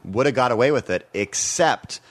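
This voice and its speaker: A man's voice: mid-range voice, animated, moderate pace. A man in his forties telling a long story in casual podcast chat, laughing often and swearing freely.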